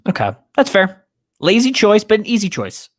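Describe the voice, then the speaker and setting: A man's voice: high-pitched, wildly swooping pitch, normal speed. A young man co-hosting a casual podcast, chatting and laughing easily while ranking party foods. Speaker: podcast co-host.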